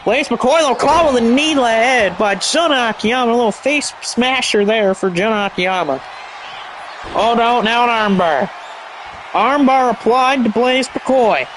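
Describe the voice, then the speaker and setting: A man calling a wrestling match play by play, energetic and shouting at big moves, often tripping over move names and correcting himself. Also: very high-pitched, measured pace, a little hiss or hum. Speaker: play-by-play commentator. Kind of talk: excited play-by-play commentary.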